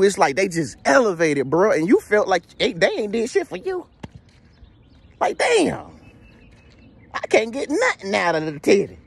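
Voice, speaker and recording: A man giving a casual motivational talk, animated and slangy, joking as he tells stories. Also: sits high, husky, no echo. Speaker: motivational vlogger.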